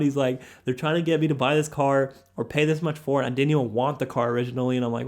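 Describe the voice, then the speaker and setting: A young man hosting a podcast, telling a personal story in a relaxed, slangy way and quoting the people in it. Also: medium pitch, fast. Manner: laid-back, slangy, quotes others a lot. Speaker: podcast host. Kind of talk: casual storytelling.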